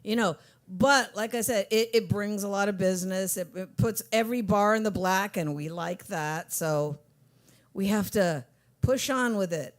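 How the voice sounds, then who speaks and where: A woman's voice: medium pitch, moderate pace. A woman from Texas hosting an open mic in a coffee shop, chatting casually between acts. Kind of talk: casual emcee talk.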